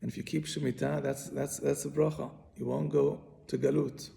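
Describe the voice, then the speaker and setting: A man's voice: on the high side, level tone, moderate pace, creaky, dark tone. A man teaching a Bible commentary lesson, patiently explaining and often repeating and restarting his phrases. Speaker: Torah teacher.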